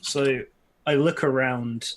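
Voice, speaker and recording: A man playing a tabletop game, thinking out loud with hesitant, restarting speech. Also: mid-range voice, fairly even intonation, slow pace, a little hiss or hum. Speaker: player. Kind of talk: casual in-character game talk.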